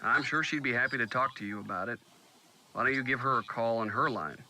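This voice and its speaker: Actor as an affable older gentleman in a mystery game, courteous, with a crowd murmuring behind. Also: mid-range voice, fast talker, close to an everyday voice. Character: genial older man, a descendant of a collector.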